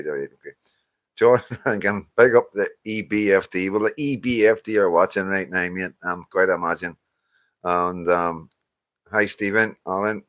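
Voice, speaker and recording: On his easygoing live stream, a worn-out Northern Irish host aged in his 50s greets people by name, talks freely, swears and keeps laughing. His lowish voice is a bit bright, with no echo.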